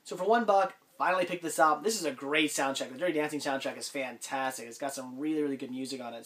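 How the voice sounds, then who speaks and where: A man's voice: a little high, quick pace, few pauses, slight background noise. Congested man rambling through a vlog haul. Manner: relaxed, rambling, frequent ums and restarts. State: congested with a cold. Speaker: collector vlogger. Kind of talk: casual vlog haul talk.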